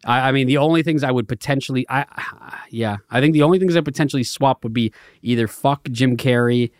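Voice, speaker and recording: A man's voice: mid-range voice, a little fast, smooth, no room sound, clean studio sound. A man talking as a podcast guest, hesitant and stammering as he thinks aloud. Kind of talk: casual podcast chat.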